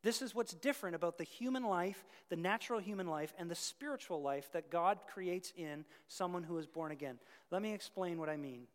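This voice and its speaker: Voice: mid-range voice, fairly quick, hardly any pauses. Emphatic preacher in a reverberant hall. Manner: emphatic, swings from hushed whispers to loud outbursts; repeats words for stress. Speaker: pastor. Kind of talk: sermon.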